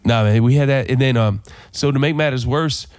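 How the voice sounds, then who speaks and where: A man co-hosting a podcast, hoarse from a recent flu, telling stories in casual chat. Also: medium pitch, fairly quick, a little mellow. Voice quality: gravelly. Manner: storytelling, joking. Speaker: podcast co-host.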